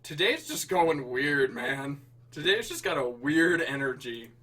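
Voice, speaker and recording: A man's voice: medium pitch, lively intonation, measured pace, bright, forceful tone, slightly rough, far from the mic. A man hosting a casual livestream, joking and swearing freely as he chats with viewers about writing prompts. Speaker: livestream host and writer.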